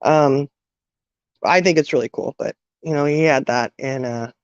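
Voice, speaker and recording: A middle-aged woman telling an emotional personal story, halting, with many restarts and fillers. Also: sits low, clear, resonant tone, dry recording. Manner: halting, full of "you know" and restarts. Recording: dull, dry sound.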